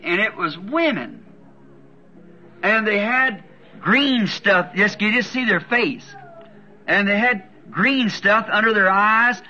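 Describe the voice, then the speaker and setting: A man preaches with a high, ringing voice, telling his story in a fervent, halting way that doubles back on its words. The old recording sounds dull and muffled, with a faint hiss underneath. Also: pushed and bright. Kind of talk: sermon testimony.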